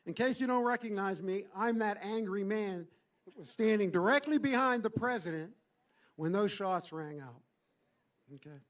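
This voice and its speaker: A middle-aged man with a strikingly high voice delivers a rousing speech at an outdoor political rally. He speaks into a stage microphone and swells into shouted chants. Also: expressive, moderate pace.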